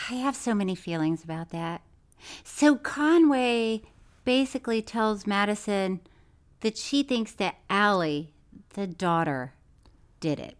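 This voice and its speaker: A woman's voice: mid-range voice, expressive, takes it slowly. A woman co-hosting a true crime podcast, chatting casually and teasing her co-host with exasperated outbursts. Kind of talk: casual chat.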